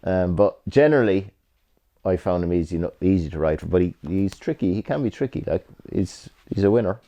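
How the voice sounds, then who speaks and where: A middle-aged Irish man with a low, deep voice and a mellow, relaxed tone. He rambles loosely through old stories, doubling back on his words and dropping the odd swear in easy conversation. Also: fairly quick. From Ireland. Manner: rambling, repeats himself, swears freely. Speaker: retired jockey. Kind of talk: casual reminiscing interview.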